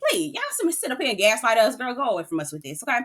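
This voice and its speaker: A woman recapping a reality show in a sassy, animated way, cussing freely and calling her listeners "girl.". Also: fairly high pitch, very fast.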